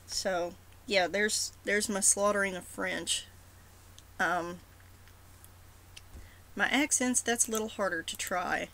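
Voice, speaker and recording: A woman's voice: mid-range voice, slow, pauses often, fairly bright tone, slight background noise, rough recording. A woman with a sore throat talking casually to her followers in a rambling, self-deprecating way. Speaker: roleplay blogger. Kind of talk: casual vlog talk.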